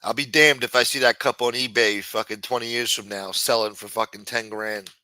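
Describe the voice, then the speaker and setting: A bright, forceful man hosts a late-night live stream and riffs on viewer comments. His talk rambles and is full of cursing. The sound is dry and close to the mic. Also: medium pitch, fairly even intonation, a little fast, dry recording. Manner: profane, rambling and riffing. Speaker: live-stream show host. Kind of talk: casual chat, reading viewer comments.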